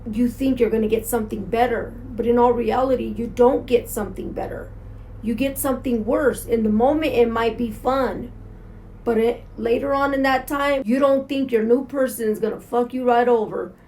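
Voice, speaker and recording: A woman's voice: on the high side, fairly even intonation, normal speed, warm tone, slight background noise. A woman vlogger telling her story at home in a casual, candid, earnest way, swearing freely. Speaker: motorcycle vlogger. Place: at home, in pajamas.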